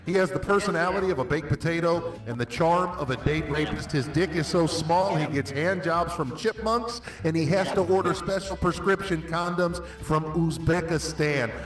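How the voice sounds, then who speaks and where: A man with a polished radio voice delivering a theatrical, booming insult-comedy roast. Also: moderate pace, hardly any pauses. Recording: echoey distant voice chat with faint music.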